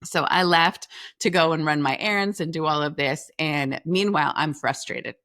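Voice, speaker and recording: Lively storytelling woman, lowish voice. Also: normal speed, no room sound, studio quality. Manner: lively storyteller who acts out the dialogue; talks through restarts and filler phrases. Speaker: podcast guest, leadership coach. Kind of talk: personal anecdote in an interview.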